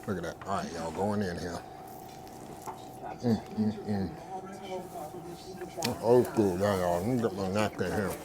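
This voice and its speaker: A man's voice: low-pitched, brisk, few pauses, a crowd in the background. A man, a food vlogger hosting, chatting casually to viewers and calling them y'all. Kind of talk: casual vlog chat to viewers. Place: car in the rain, then small diner. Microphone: lapel mic. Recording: noisy road and diner background.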